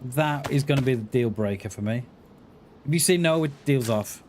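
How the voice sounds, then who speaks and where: A man of medium pitch and moderate pace banters with his chat as he livestreams a game. The talk is casual and jokey, with noise in the background.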